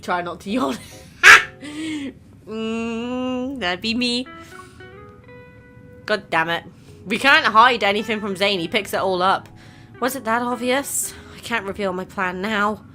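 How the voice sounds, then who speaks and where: A woman's voice: fairly high pitch, takes it slowly, pauses often, sharp tone, faint music behind. A woman hosting a casual game playthrough, chatting, reacting and reading the story aloud. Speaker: gaming channel host.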